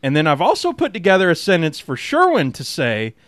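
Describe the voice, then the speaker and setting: Lively podcast host. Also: male voice, a little high, brisk, no room sound, clean studio sound. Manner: giggly, filler-heavy. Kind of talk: casual podcast chat.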